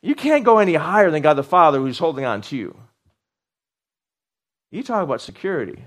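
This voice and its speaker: A middle-aged man preaching a sermon, animated, repeating words for emphasis and asking his congregation questions. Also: fairly high pitch, fairly quick. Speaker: pastor.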